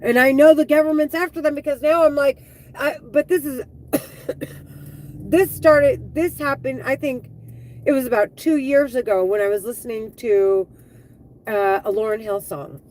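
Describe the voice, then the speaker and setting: A woman live streaming an angry, profane monologue, heated and full of halting restarts. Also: sits high, fairly even intonation, darkish tone, slight background noise, low-quality recording.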